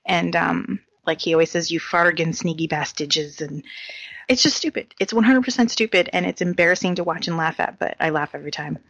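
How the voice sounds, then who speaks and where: A woman's voice: fairly low pitch, fairly quick, creaky, a bit bright, no room sound. A woman co-hosting a casual talk show, chatting in a giggly way about silly comedies. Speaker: podcast co-host.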